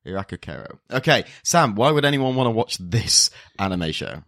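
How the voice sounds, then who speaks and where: A man's voice: fairly low pitch, big pitch swings, normal speed, fairly bright tone, no room sound. A man co-hosting a casual podcast, rambling and self-deprecating with playful swearing. He sounds drowsy and a little worn from hay fever pills. His voice is recorded close and dry, with no room sound. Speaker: podcast co-host. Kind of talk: casual chat.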